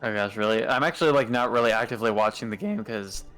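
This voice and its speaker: A man's voice: lowish voice, fast, fairly bright tone, soft background music. A man chatting casually with a streamer friend over a call, rambling with many fillers. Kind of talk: casual chat.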